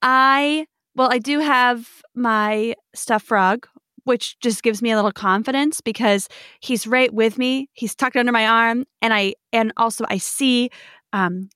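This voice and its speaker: A woman's voice: a little high, a little slow, sharp tone, smooth, no echo, studio quality. Playful woman playing a tabletop game. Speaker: player.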